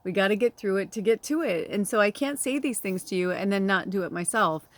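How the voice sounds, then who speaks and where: A woman's voice: mid-range voice, a little fast, no echo. A middle-aged woman chatting casually as a tarot reader and medium, rambling with frequent laughs, casual swearing and moments close to tears. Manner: emotional, near tears. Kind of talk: casual spiritual vlog chat.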